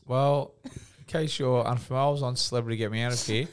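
A man's voice: mid-range voice, fairly even intonation, fast, clean tone. A man co-hosting a podcast, joking crudely and laughing through casual banter. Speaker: podcast co-host.

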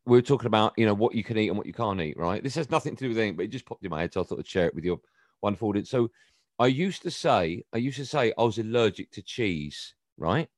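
A middle-aged English man chatting on a podcast, telling stories with a teasing, animated manner. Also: lowish voice, fast talker, dry recording, clean studio sound. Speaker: guest. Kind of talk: casual podcast chat.

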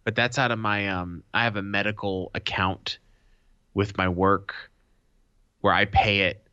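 A man co-hosting a podcast, telling a story in a casual, animated way and swearing freely. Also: on the low side, a little slow, clear, resonant tone, no echo. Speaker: podcast co-host. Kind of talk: casual chat. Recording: dull lo-fi sound.

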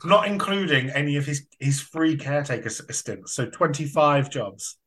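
A man's voice: on the high side, moderate pace, fairly bright tone, husky. A man on a football podcast, thinking aloud and restarting his sentences. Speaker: podcast panelist. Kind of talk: casual football chat.

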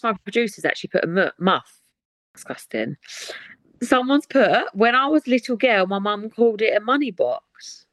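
A woman's voice: medium pitch, animated, normal speed, fairly bright tone, dry recording. A woman, hosting a podcast in casual chat, chatty and given to dramatic reactions. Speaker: podcast host.

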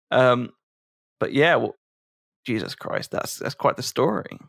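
A man's voice: mid-range voice, animated, takes it slowly, vocal fry, fairly bright tone. A man hosting a podcast with an amused, giggly manner. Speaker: podcast host. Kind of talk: casual chat.

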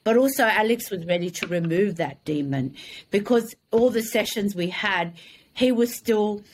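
A woman's voice: medium pitch, normal speed, a little hiss or hum. A woman explaining spiritual healing in an earnest, conversational way. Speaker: exorcist, guest. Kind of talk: casual conversation.

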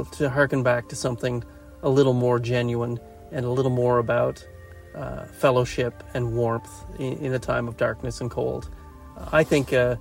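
A man's voice: medium pitch, gravelly. A man from Canada co-hosting a podcast, chatting casually and reflectively, laughing easily. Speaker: podcast co-host. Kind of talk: casual chat.

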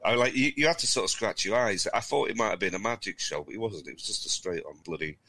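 Man, middle-aged, low voice, bright forceful tone, rambling storyteller, casual podcast chat. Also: quick pace, vocal fry. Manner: rambling, chuckling anecdote-teller. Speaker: podcast co-host.

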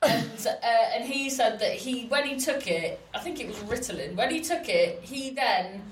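A woman's voice: a little high, expressive, moderate pace. A woman comedian chatting on a podcast, rambling, trailing off and restarting her sentences. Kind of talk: casual podcast chat. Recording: roomy, distant mic with faint noise.

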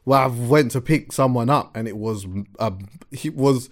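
A young man, co-hosting a casual podcast chat, animated and laughing often. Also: medium pitch, normal speed. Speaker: podcast co-host.

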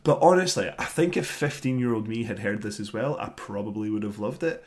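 A man in his thirties, co-hosting a podcast, rants in a fairly low voice at a fairly quick clip about an album he disliked. The chat is a casual review, full of grumbling, animated complaints and free swearing.

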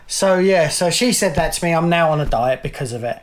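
A man's voice: a little high, expressive, a little fast. A middle-aged man co-hosting a podcast, chatting casually, rambling and laughing often. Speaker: podcast co-host. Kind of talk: casual chat.

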